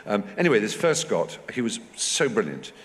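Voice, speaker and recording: A man in his fifties with an English accent, telling anecdotes on stage with animated asides. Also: on the low side, normal speed. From England. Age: 50s. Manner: anecdotal, animated, mimics voices in quotes. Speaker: festival speaker. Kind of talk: onstage talk with audience. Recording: hall reverb, faint noise.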